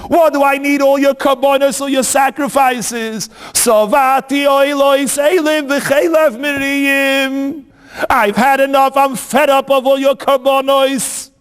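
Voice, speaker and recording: A man's voice: very high-pitched, steady tone, normal speed, hardly any pauses. A male rabbi telling a story in a sermon, dramatic and full of rhetorical questions. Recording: long hall reverb.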